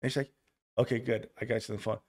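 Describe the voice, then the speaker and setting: Animated man acting out his stories. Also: mid-range voice, very fast. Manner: animated storyteller who acts out quoted dialogue; stammers and restarts often. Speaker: author guest. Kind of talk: casual podcast storytelling.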